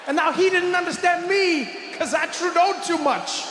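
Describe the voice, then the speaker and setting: A man performing stand-up comedy with an animated, exaggerated storytelling manner on a large theater stage. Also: extremely high pitch, moderate pace. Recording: echoey live hall with crowd noise.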